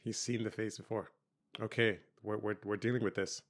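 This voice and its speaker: A man's voice: on the low side, flat delivery, moderate pace. A man hosting a reaction video, commenting casually on a TV episode and thinking aloud in a rambling way.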